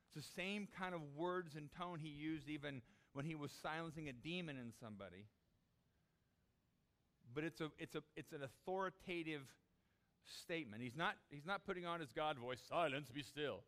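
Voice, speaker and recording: Animated preacher man, slightly high voice. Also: moderate pace. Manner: animated, acts out voices of the disciples. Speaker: pastor. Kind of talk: sermon.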